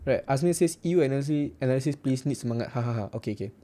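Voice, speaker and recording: Rapid-fire and chatty, a young man with a Singaporean English accent runs a casual forex livestream, reading viewer comments. His voice is mellow, dark and mid-pitched, and he's blunt and joking, repeatedly saying "right."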